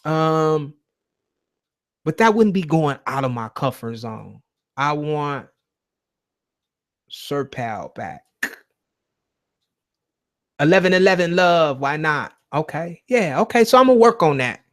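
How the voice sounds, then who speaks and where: A man hosts a loose call-in livestream with a slightly raised pitch. He talks in an emphatic, preaching way, swears freely and keeps turning to his viewers and their chat. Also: sing-song, slow, long pauses. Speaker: host of a call-in show.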